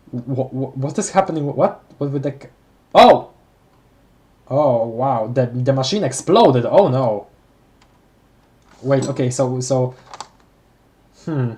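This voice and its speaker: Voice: medium pitch, lively intonation, slow, pauses often, dark tone. A streamer reading a webcomic aloud on a live read-along, often stumbling over words and reacting with gasps and emotion. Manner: reads aloud with frequent stumbles and restarts.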